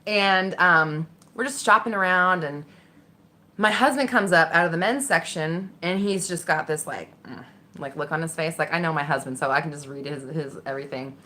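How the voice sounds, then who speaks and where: A woman vlogger casually tells a personal story, candid and animated, swearing freely and acting out the voices in her head. Her voice is low-pitched, and she speaks at normal speed.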